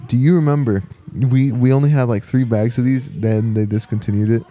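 Mellow, laid-back young man. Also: mid-range voice, steady tone, fairly quick. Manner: laid-back, filler-heavy, "like" often. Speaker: podcast co-host. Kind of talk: casual chat.

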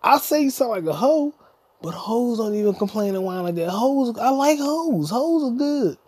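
Husky guy ranting on his podcast, swearing a lot, rambly and jokey. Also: extremely high pitch, expressive, moderate pace, darkish tone, no echo. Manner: profane, rambling, jokey, sings snatches. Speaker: podcast host. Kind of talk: solo podcast rant.

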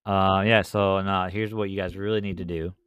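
A man's voice: low voice, flat delivery, moderate pace, a bit bright, smooth, dry recording. A male podcast co-host in casual chat, laid-back and terse, teasing his partner.

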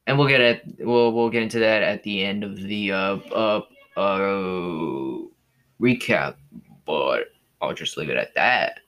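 A man's voice: deep voice, a little slow, fairly bright tone. Rambling, swearing male movie-review host. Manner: rambling, loses his train of thought and swears. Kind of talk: casual movie review chat.

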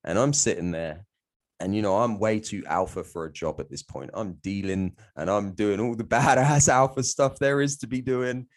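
Man in his thirties, low-pitched voice, blunt and sweary, candid guest storyteller. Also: moderate pace. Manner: blunt, sweary, laughs often.

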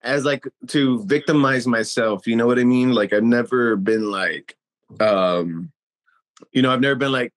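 A man's voice: medium pitch, a little slow. A man co-hosting a casual podcast, speaking hesitantly with many fillers and trailing off. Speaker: podcast co-host.

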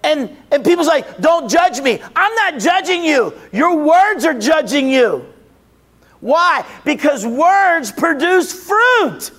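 Male preacher with a very high voice, emphatic, repetitive, call-and-answer delivery. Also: big pitch swings, slow. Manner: emphatic, rising to shouts, then dropping low; repeats phrases, asks and answers his own questions. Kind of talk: sermon.

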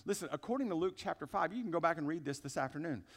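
A man's voice: on the high side, animated, racing. A man preaching a sermon in a church service, emphatic and conversational, talking straight to the congregation. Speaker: pastor.

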